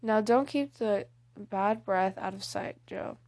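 A woman's voice: medium pitch, slow pace, a little mellow. A woman reading the lines of a fretful, fashion-minded teenage girl in an audiobook, fussy and proper.

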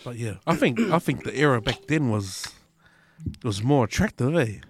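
A man's voice: medium pitch, animated, moderate pace, gravelly, a little hiss or hum. A man with a New Zealand accent in casual podcast chat, slangy, swearing and tagging lines with "eh". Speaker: podcast panelist.

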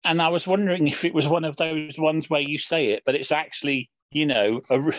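A man's voice: a little high, fairly even intonation, a little fast, fairly bright tone, no room sound, lo-fi sound. A man hosting a casual podcast chat, laughing so hard he can barely go on. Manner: giggly, laughing to tears. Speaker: podcast host.

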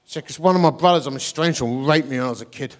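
A middle-aged man preaching a storytelling sermon, animated and self-deprecating, acting out the voices in his story. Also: medium pitch, racing. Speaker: guest preacher.

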